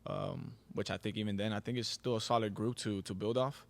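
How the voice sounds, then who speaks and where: A man in his twenties, a team captain being interviewed, easygoing and modest with relaxed fillers. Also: lowish voice, a little fast, gravelly. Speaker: guest, soccer team captain. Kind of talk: casual interview.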